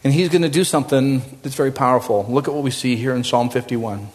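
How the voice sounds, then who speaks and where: A male pastor preaching a sermon in an animated, conversational way, swinging from loud, high emphasis to low, quiet asides. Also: fast talker, few pauses. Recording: long reverb of a large hall.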